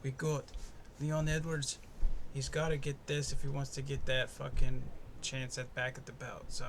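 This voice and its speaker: A man's voice: mid-range voice, flat delivery, moderate pace, few pauses, a little hiss or hum. A young man hosting his own podcast, talking in a laid-back, profane, rambling and jokey way. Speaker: podcast host. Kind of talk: casual solo fight-prediction podcast. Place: home in the US East Coast.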